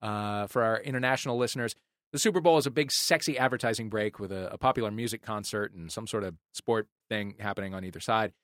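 A man's voice: lowish voice, fast, fairly bright tone, dry recording, clean studio sound. A man hosting a comedy podcast, with wry, playful delivery and crude jokes. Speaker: podcast host.

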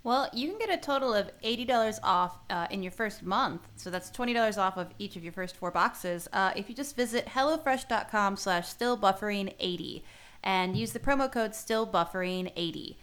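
A woman's voice: mid-range voice, moderate pace. A young adult woman co-hosting a podcast, joking playfully with her sisters. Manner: playful, jokey, animated storytelling. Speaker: podcast co-host. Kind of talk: casual chat among sisters.

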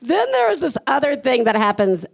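A woman with a slightly high voice tells a story on a live podcast stage. She talks animatedly, acts out screams and sing-song chants, and laughs along as she goes. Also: sing-song, moderate pace, vocal fry. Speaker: podcast co-host. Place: live stage before an audience.

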